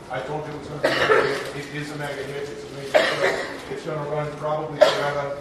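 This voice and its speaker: A grandiose, aging Broadway producer, played by a man in live improv, pitched a bit high and full of showman patter. He sounds distant in a very echoey theater, with clear noise underneath. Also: natural voice. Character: aging bombastic male Broadway producer, showy and forgetful. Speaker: show's emcee character. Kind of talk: live improvised stage comedy. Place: theater stage. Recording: echoey theater recorded from far off, noisy.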